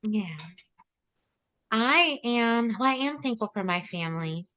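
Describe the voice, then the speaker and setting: A woman with a bright, clear voice co-hosting a casual podcast. She talks in an earnest, warm way, stopping often on small fillers as she collects her thoughts. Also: on the high side, animated, unhurried. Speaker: podcast co-host. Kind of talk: casual chat.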